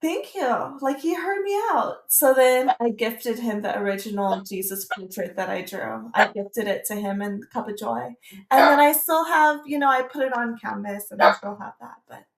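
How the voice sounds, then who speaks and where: A woman's voice: fairly high pitch, animated, moderate pace, echoey room. A woman vlogger telling a personal story in a casual, meandering way, hesitating and restarting often.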